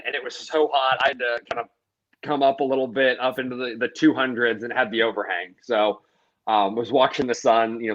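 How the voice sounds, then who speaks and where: This is a young man in his twenties telling relaxed anecdotes during a casual talk. His pitch is in an ordinary middle range. His audio is muffled and lo-fi, with its top end dulled. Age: 20s. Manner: easygoing storyteller, chuckles while telling anecdotes. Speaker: co-host. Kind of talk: casual storytelling chat.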